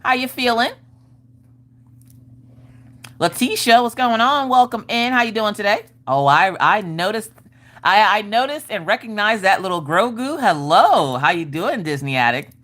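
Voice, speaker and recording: A woman hosting a casual craft livestream, upbeat, calling out viewers by name and swinging her pitch up and down as she chats. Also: lively intonation, moderate pace, fairly bright tone. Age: adult, her father watches. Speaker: livestream host greeting chat. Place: home craft room.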